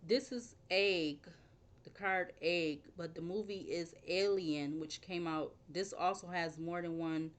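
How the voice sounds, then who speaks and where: Low-voiced woman reading tarot, rambling. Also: a little slow. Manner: rambling, thinks aloud, spells words out. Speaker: tarot reader.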